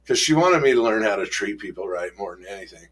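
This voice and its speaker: A middle-aged man candidly telling his life story in an interview, rough-spoken, acting out old arguments in raised voices. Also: fairly low pitch, expressive, quick pace, fairly bright tone.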